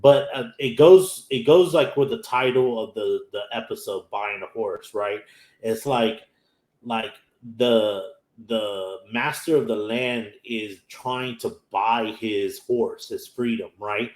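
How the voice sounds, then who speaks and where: A man's voice: fairly low pitch, slow, a little mellow. An American man from Houston hosting a casual anime episode recap. He tells the story loosely, full of "like" and "you know", and acts out the characters' lines in his own voice. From Houston, Texas. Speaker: anime podcast host. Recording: roomy echo.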